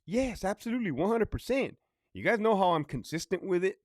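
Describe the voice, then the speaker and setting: A man in a casual storytime monologue, ranting bluntly with plenty of swearing and repetition. His pitch swings up and down a lot as he talks. The sound is dry and close. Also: big pitch swings, a little fast, no echo. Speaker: former prison officer.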